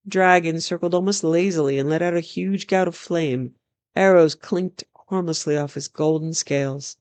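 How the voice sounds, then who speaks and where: Dry, measured storybook reader. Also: medium pitch, fairly even intonation, darkish tone, clean tone, no room sound. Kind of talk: reading a fantasy novel aloud.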